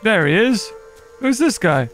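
Excitable man, high lively voice. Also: measured pace, faint music behind. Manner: excitable, laughs often, talks to other players. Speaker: gaming channel host. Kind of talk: casual gameplay commentary.

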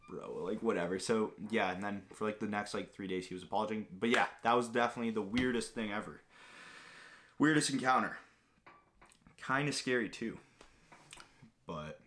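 A young man from Greece talks in a casual, rambling way, leaning heavily on fillers as he answers viewer questions. His voice sits a little low. He keeps the tone loose and conversational throughout. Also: fairly bright tone, slight background noise. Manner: rambling, filler-heavy storytelling with lots of "like". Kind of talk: casual chat.

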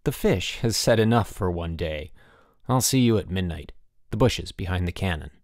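A man puts on a cocky schoolboy ringleader in an audiobook, always ready with a sarcastic quip. He sounds bossy and quick-witted. The recording is dry and close. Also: sits low, animated, darkish tone, dry recording.

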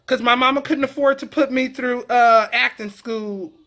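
A woman's voice: on the high side, normal speed. A woman from California talking in a playful, slangy way as a comedic vlogger teaching a lesson. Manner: playful, animated, slangy, jumps into character voices.

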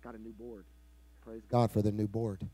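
A pastor preaching a live sermon, calling on his congregation to answer back and building to shouted, sing-song passion. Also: fairly low pitch, level tone, normal speed, slight background noise. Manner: call-and-response preaching, prompting the congregation.

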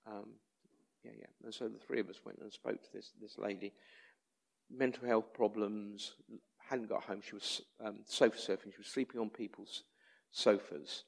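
A man's voice: on the low side, fairly even intonation, moderate pace, vocal fry. A man with an English accent, a street chaplain, telling personal stories in a conversational, anecdotal way during a church talk. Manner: conversational anecdotal storytelling, acts out quoted voices.

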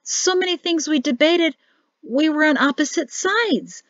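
A woman's voice: sits high, animated, measured pace, a bit bright, no room sound, lo-fi sound, voice pushed up. A woman reading the part of a composed young teacher, teasing sweetly. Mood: miserable.

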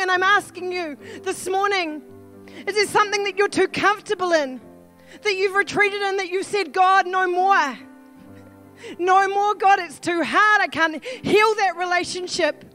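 A woman with a New Zealand accent preaches in a very high voice, earnest and pleading, her delivery rising at times into shouts. Soft music plays faintly beneath her sermon. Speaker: pastor.

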